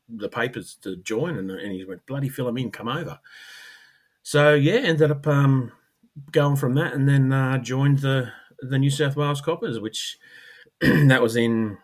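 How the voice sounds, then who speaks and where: A middle-aged Australian man, a former police officer, talking casually as a podcast guest, rambling with fillers and clearing his throat. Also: medium pitch. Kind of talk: casual conversational storytelling.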